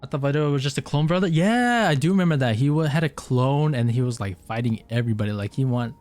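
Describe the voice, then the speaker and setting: A man's voice: mid-range voice, lively intonation, fast talker, a little mellow, soft background music. Joking, profane male game streamer. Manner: joking, profane, self-mocking. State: tired strained throat. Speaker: gaming streamer. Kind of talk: casual gameplay commentary.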